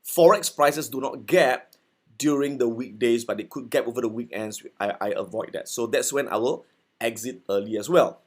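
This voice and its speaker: At a moderate pace and in a mid-range voice, a man teaches forex trading in a relaxed recorded lesson. He keeps it conversational, frequently checking in with his audience through "okay" and "right."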